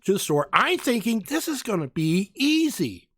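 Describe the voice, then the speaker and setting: A man with a slightly high voice tells a long, animated story in a casual chat. He acts out the people he met along the way. The sound is close and dry, with no room around it. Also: normal speed, no room sound. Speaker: podcast co-host.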